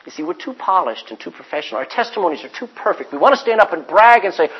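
A high-voiced preacher delivers a sermon with lively, swooping intonation. He drops to near-whispers, then bursts out loud when he acts out voices and quotes. His delivery stays dramatic and rolling throughout. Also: fast talker, hardly any pauses, husky, rough recording. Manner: preaching with dramatic swings in volume, from hushed asides to loud acted-out quotes. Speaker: pastor.

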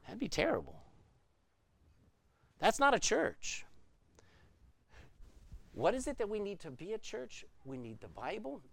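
A male pastor delivers an emphatic sermon, firing off rhetorical questions to his congregation. His voice sits a little high and swings widely in pitch, and the sound is dry and close with no room echo. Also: huge pitch swings, a little slow, creaky, long pauses, fairly bright tone.

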